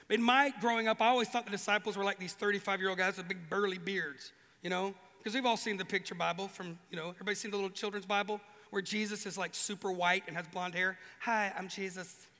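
High-voiced, animated preaching man. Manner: animated, joking, acts out voices. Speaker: pastor. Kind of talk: sermon. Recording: long hall reverb.

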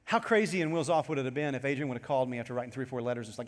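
A man preaching a sermon to his congregation as pastor, animated and storytelling as he goes. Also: medium pitch, racing, long reverb tail.

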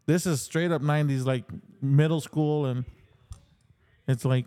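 Male co-host, somewhat high pitch, laughing casual banter. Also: fairly even intonation, a little slow, dark tone, smooth. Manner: chatty, laughs often, trails off mid-sentence. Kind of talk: casual chat.

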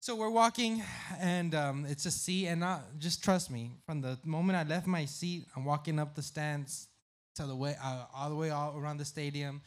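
A man on a podcast telling a story in casual chat, loud and profane, shouting out the voices of the crowd. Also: a little high, normal speed. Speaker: podcast guest.

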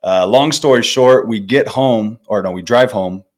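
A man in his twenties with a notably deep voice tells a story as a podcast guest. His delivery is casual and easygoing, full of swearing and slang like dude and bro. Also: moderate pace. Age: 20s. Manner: laid-back, swears freely, says dude and bro.

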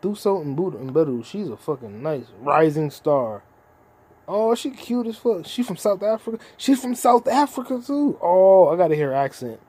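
A young man in his twenties rambles through a solo podcast. He swears freely and jumps from thought to thought. His voice is mellow, warm and sits a little high. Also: very animated, moderate pace, husky. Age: 20s. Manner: rambling, profane, free-associating. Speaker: podcast host. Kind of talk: casual solo podcast chat.

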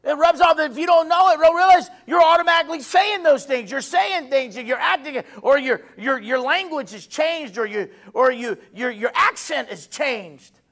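A male preacher with a strikingly high-pitched voice delivers a sermon. He hammers his points by repeating phrases, rising to shouts and then dropping to hushed asides. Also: expressive, moderate pace. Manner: emphatic, repeats phrases, swings between shouting and quiet.

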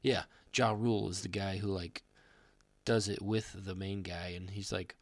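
A man's voice: on the low side, fairly even intonation, normal speed, a little mellow, no echo. A young man co-hosting a podcast, chatting casually, joking and rambling with frequent laughs. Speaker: podcast co-host. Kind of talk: casual chat.

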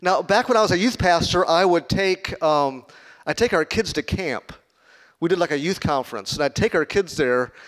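Chicago pastor guy preaching, loose and jokey, asks the crowd stuff, kinda high voice. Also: expressive, moderate pace, a bit bright. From Chicago, United States. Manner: conversational, joking with the congregation. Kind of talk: sermon.

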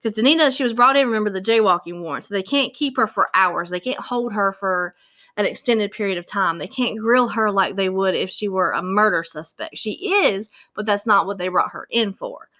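A woman casually retelling a true-crime case, animated and acting out the quoted voices. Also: mid-range voice, fairly quick.

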